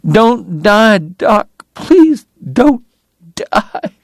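A man's voice: a little high, steady tone, takes it slowly, gravelly, mellow, no room sound, pitched above the performer's own voice, heavily acted. A man voicing a tearful woman pleading with her dying lover, in a storybook reading. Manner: pleading, tearful, mixes French.

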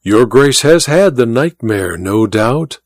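In an audiobook reading, a man voices a suave, scheming colonel, a courtly torturer who is deferential, precise, and urbane. He takes it slowly with lively intonation in a mid-range voice, and the recording is dry.

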